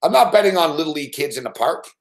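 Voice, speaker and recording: A man hosting a live late-night sports betting show, telling stories in a profane, animated way with mock shouted outbursts. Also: fairly high pitch, racing.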